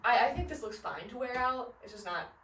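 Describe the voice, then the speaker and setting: A Midwestern fashion vlogger in her thirties talks a little fast in a slightly high, somewhat bright voice with lively intonation. She rambles chattily about outfits from her closet, using many fillers and laughing often. The recording is roomy and a bit distant from the mic, with slight background noise.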